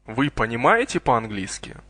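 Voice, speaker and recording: A man saying short phrases slowly and carefully for learners to copy, each one twice. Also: mid-range voice, sing-song, fairly bright tone, no echo. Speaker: native Russian speaker modeling phrases. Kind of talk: slow repeated phrase model for learners.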